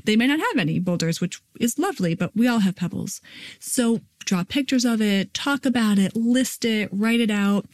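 Chatty fast-talking woman podcaster. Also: mid-range voice, animated, darkish tone. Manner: quick, chatty, acts out kids' lines. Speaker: parenting podcast host. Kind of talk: casual podcast talk.

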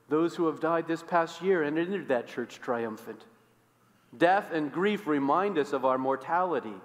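A male pastor delivers a sermon, pushing some lines up loud and dropping others to a near hush. His voice sits a bit higher than most men's. The long reverb of a church hall trails after each phrase. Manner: expressive, swings from loud to hushed, acts out quoted voices. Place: church sanctuary.

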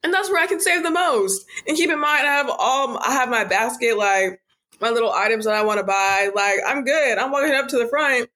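A woman's voice: on the high side, brisk, pushed and bright. Chatty young woman telling stories. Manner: chatty storyteller, many "like" fillers. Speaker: podcast co-host, daughter. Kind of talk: casual podcast chat.

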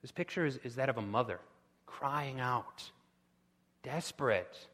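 A man preaching a sermon with impassioned delivery, rising to loud pleading cries. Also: medium pitch, measured pace, big-room sound. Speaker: pastor.

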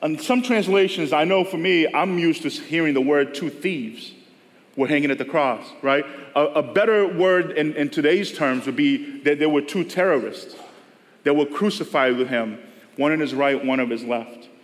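At a moderate pace and with a slightly high voice, a male preacher addresses a church service conversationally, performing the voices of people he quotes. A long church-hall reverb can be heard.

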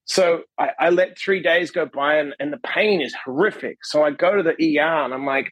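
A man with a husky, slightly higher voice recounts a story in relaxed conversation. He talks in an animated way, acting out what people said and tagging his lines with a quick question. The sound is close and dry. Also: dry recording, rough recording. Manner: animated, acts out quotes, frequent "right?" tags. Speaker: podcast guest, author and coach.

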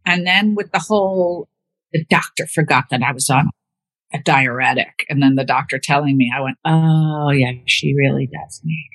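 A woman with a slightly husky voice tells stories about caring for her mother in a loose, conversational way. She acts out the voices of the people she quotes, and the recording is close and dry. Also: low voice, moderate pace, a bit bright, dry recording. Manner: chatty storytelling, acting out quoted voices. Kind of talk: casual conversation.

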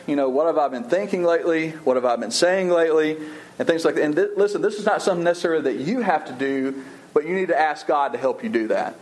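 A man's voice: on the high side, darkish tone. Earnest preaching man in a roomy hall. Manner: earnest, conversational preaching with frequent restarts. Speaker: pastor. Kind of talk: sermon.

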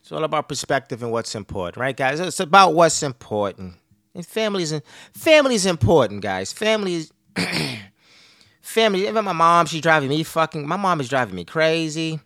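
A man's voice: on the high side, sing-song, fairly quick, vocal fry, pushed and bright, no room sound, clean studio sound. A man in his thirties hosting a podcast, rambling casually and profanely about family life, laughing often. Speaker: podcast host.

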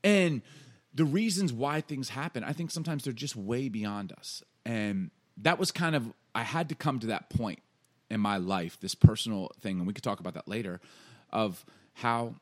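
A man co-hosting a podcast, talking earnestly and openly about grief and faith, growing animated when he reads passages aloud. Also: mid-range voice, moderate pace. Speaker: podcast co-host. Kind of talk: candid conversational podcast talk.

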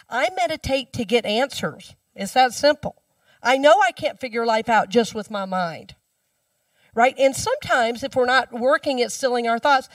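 A woman minister giving a sermon in a chatty storytelling way, dropping her voice low when she repeats the mantra. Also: no echo, recorded from a distance. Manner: conversational storytelling, speaks the mantra softly.

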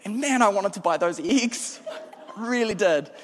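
A man with a New Zealand accent preaching a sermon as a lively, self-deprecating storyteller. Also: high-pitched, unhurried, slight background noise. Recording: long hall reverb.

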